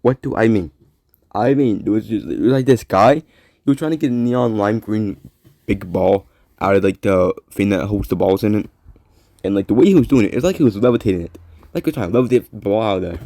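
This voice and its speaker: A man with a lowish, warm, mellow voice hosts a casual solo talk show. He rambles from thought to thought, repeats words and lets sentences trail off into quiet mumbles. The sound is dry and close. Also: a little fast, creaky, dry recording. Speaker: podcast host.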